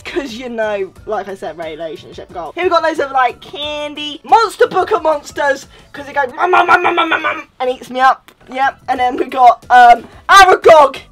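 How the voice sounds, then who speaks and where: A woman giving a playful room tour of her bedroom, jokey and giddy, now and then breathless. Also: sits high. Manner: giddy, jokey, shifts into excited squeals. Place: bedroom, indoors.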